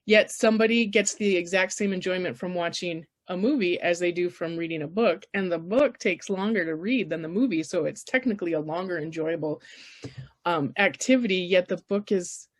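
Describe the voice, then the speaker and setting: A woman's voice: fairly low pitch, fairly quick. A woman from Canada presenting a casual writers' workshop, emphatic, blunt and encouraging.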